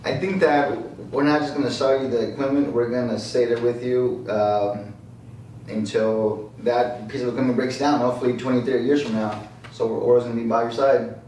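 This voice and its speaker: A man's voice: mid-range voice, steady tone, fairly quick, darkish tone, far from the mic. A man working as a service technician answers briefly and earnestly in a casual interview. He sits away from the mic in an echoing room, with a faint hiss underneath.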